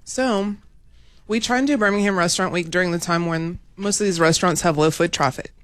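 A woman's voice: lowish voice, a little fast, dry recording. A woman guest, explaining her event plainly in a radio interview. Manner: clear, explanatory, matter-of-fact. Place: radio studio.

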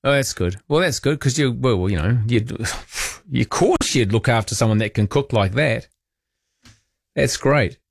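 A man's voice: medium pitch, expressive, unhurried, gravelly, no room sound, studio quality. A man hosting talkback radio, chatty and teasing, poking fun at himself. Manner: chatty, teasing, self-mocking. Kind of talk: casual talkback chat.

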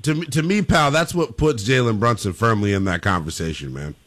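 Animated male sports radio host. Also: mid-range voice, fairly quick. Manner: chummy, calls callers brother and pal.

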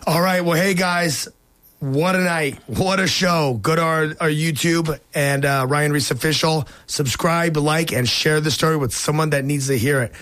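A man hosting a talk show, also a pastor, who reacts with enthusiasm and stretches his words out when he preaches. His voice sits a bit high for a man. The sound is dry and close. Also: fairly even intonation, normal speed, fairly bright tone, no room sound. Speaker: host and pastor.

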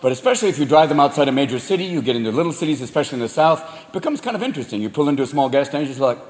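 A man doing a loud, animated, foul-mouthed stand-up comedy set before a live audience. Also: on the high side, rapid-fire, a little hiss or hum. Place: large venue with a live audience. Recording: echoey live hall with loud crowd.

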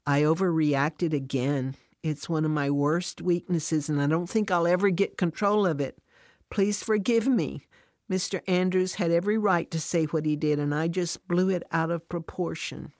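A woman's voice: low-pitched, normal speed, a little mellow, no echo, studio quality. A woman reading as a touchy, tearful working mom. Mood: contrite. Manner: indignant, near tears. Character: defensive, touchy working mother, adult woman.

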